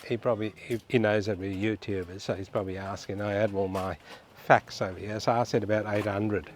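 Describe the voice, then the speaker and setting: A man's voice: fairly low pitch, fairly even intonation, a little fast, slight background noise. A man vlogging a house tour, chatting casually to viewers he calls guys as he walks through rooms and the yard. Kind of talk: casual walkthrough commentary. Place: outdoors and indoors at a suburban house.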